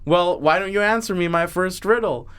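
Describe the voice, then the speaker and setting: A man voicing a whiny, insecure male troll who asks riddles, in a halting, put-upon drawl. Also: high voice, fairly bright tone, clean tone. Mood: smug.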